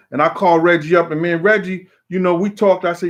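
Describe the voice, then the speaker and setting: A man's voice: sits high, fairly even intonation, quick pace, few pauses. A man hosting a casual call-in talk show, rambling in a streetwise way and often asking "you know what I'm saying". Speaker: show host. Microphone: phone call on air.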